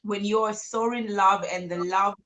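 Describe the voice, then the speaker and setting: A woman co-hosts a casual conversation, speaking warmly and with emphasis. Her voice sits at a middle pitch. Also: fairly even intonation, unhurried. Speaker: co-host. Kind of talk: casual chat.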